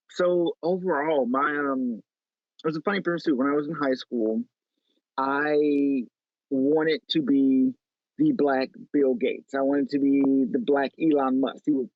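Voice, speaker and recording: A man from Chicago telling stories as an interview guest, animated and chatty with lots of "like". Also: fairly high pitch, no room sound. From Chicago, USA. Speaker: guest photo editor. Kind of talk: casual interview storytelling. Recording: tinny phone-like line.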